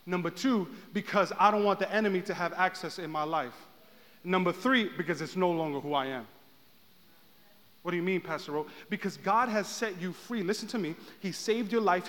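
High-voiced preaching pastor. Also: male voice. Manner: swings from hushed to shouted preaching. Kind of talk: sermon. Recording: long hall reverb.

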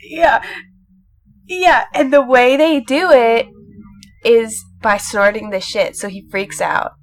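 A woman's voice: fairly high pitch, slow. A young woman in casual chat, rambling animatedly through a movie plot, full of swearing and filler words.

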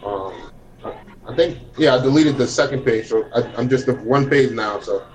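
A man's voice: medium pitch, moderate pace, darkish tone, low-quality recording. Earnest, rambling male guest. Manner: earnest, rambling, self-deprecating. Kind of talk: casual chat.

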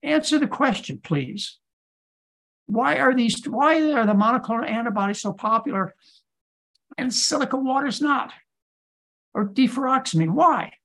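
A man's voice: very high-pitched, moderate pace, long pauses, bright, forceful tone. A man who is a physician, giving lecture-style answers in a podcast Q&A and pressing his points with insistent rhetorical questions. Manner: emphatic, hammering rhetorical questions.

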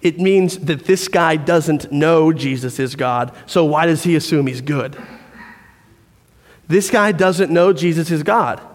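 A man preaching a sermon as pastor, conversational and animated as he tells stories. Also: fairly high pitch, a little slow. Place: church hall. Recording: long hall reverb.

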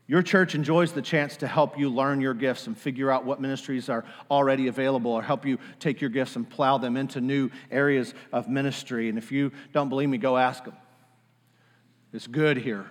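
A man preaching a sermon, animated, leading the congregation in call-and-response. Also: medium pitch, moderate pace, in a large hall. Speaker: pastor.

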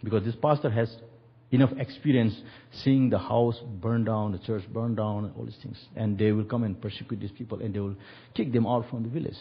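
Husky man preaching, lo-fi. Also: fairly low pitch, brisk. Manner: animated, acts out quoted voices. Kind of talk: sermon storytelling.

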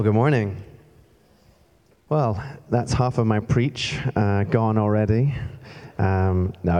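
A man's voice: fairly low pitch, mellow. A young man from Scotland giving a chatty, self-deprecating sermon in a church, moving around as he talks. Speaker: church staff member preaching. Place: church hall. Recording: long hall reverb.

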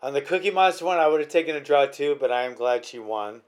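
This man talks casually about fights as a podcast host. His voice sits a touch high for a man, and he rambles and restarts his sentences a lot. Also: steady tone, fast talker.

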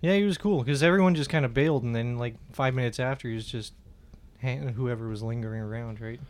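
A man co-hosting a comedy podcast in casual chat, telling stories and loudly acting out the people in them. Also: mid-range voice, fast talker. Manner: animated storyteller, acts out quoted voices loudly. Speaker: podcast co-host.

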